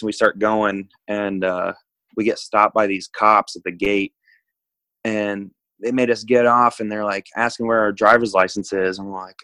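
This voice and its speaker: A man from the United States telling a travel story in a relaxed, rambling way, full of filler words. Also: fairly low pitch, no room sound, rough recording. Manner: rambling, laid-back, lots of "like". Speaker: guest. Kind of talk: casual storytelling.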